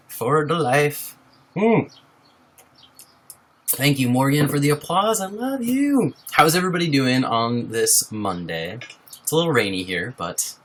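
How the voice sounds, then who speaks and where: A bubbly young man hosts a casual live stream from his home, speaking into a laptop microphone. His pitch sits in the middle, but his voice swoops up and down with lively energy as he cheerfully greets viewers. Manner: bubbly, greets viewers by name, laughs often. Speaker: livestreamer. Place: home, at a wobbly table.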